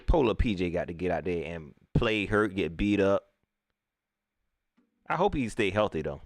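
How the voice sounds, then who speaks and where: Lively joking sports vlogger man. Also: low voice, moderate pace, no room sound. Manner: animated, joking, slangy delivery. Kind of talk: casual livestream commentary.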